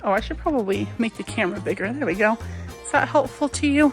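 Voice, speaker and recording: A woman vlogging casually while she walks through a craft store on her phone, chatty and a little wistful, with soft laughs now and then. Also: a little high, fast, faint music behind. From United States. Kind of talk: casual shopping vlog chat. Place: inside a large craft store. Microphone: phone held while walking.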